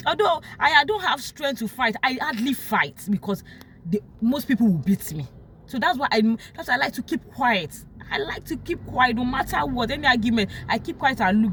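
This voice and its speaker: Animated Nigerian woman telling a story. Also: fairly high pitch, a little fast, a little hiss or hum. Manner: emotional, animated, quotes others in sharp raised tones. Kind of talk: casual personal storytelling.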